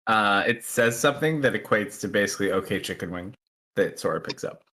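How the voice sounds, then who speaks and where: Bright, relaxed male game master who laughs through his narration. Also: on the low side, a little fast. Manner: easygoing, laughs often while narrating. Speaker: dungeon master. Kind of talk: running a tabletop game.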